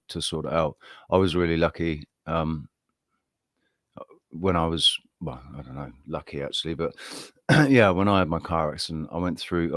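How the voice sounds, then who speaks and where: Friendly, rambling stream host, English man with a low voice and dry sound. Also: dry recording. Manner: rambling, friendly, greets viewers by name. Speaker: livestream host. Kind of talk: casual live-stream chat.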